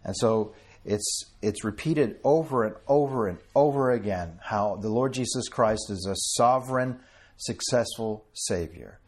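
Husky-voiced man preaching. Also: lowish voice, unhurried. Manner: conversational, addresses listeners by name, reads scripture in old-fashioned wording. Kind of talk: informal sermon to a small group.

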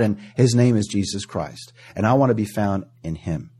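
A man's voice: lowish voice, moderate pace, a little mellow, breathy edge. A man preaching a sermon in a church, earnest and often chuckling, rising to emphatic declarations.

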